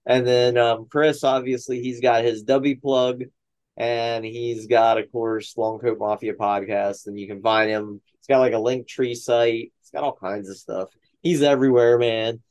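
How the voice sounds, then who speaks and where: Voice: medium pitch, steady tone, measured pace, a little mellow, rough recording. A podcast co-host chatting casually over a video call, rambling with lots of fillers. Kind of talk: casual chat.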